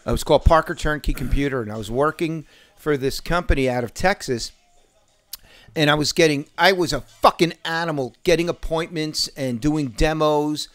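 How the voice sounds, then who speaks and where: A man's voice: on the high side, normal speed, fairly bright tone. A man in his fifties telling profane, boisterous sales stories in a casual podcast chat. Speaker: podcast host.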